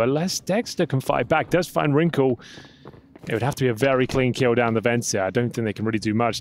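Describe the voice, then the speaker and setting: A man's voice: mid-range voice, noisy background. A man from Europe commentating esports, dry and playful, reading viewer mail. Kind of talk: commentary and desk chat.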